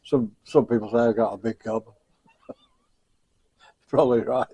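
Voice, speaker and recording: A man's voice: mid-range voice, fairly even intonation, takes it slowly, mellow, husky, dry recording. A man chatting casually in a home cooking vlog, self-mocking and chuckling as he tries his food. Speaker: cooking vlogger.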